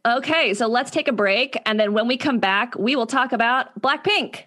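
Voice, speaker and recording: A woman hosting a casual podcast, talking quickly and steering the segments. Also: fairly high pitch, a bit bright, faint music behind. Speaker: podcast host.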